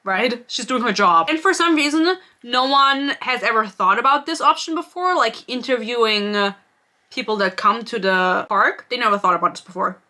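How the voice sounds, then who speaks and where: A woman's voice: a little high, normal speed, pushed and bright. A woman giving a casual, sarcastic book review rant, swearing freely and laughing often.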